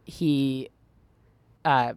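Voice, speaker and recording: A woman's voice: rumbling low, fairly even intonation, drawn-out words, a little mellow, clean tone, no echo. A young woman co-hosting a podcast, chatting casually and rambling with lots of fillers. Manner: rambling, many fillers and restarts. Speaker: podcast co-host. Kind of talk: casual chat.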